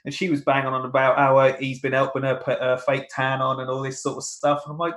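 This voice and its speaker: A chatty man in his thirties tells grumbling stories in a relaxed banter style. His voice has an ordinary middle pitch, and it rings out in a roomy space. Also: quick pace. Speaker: podcast co-host. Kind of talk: casual banter.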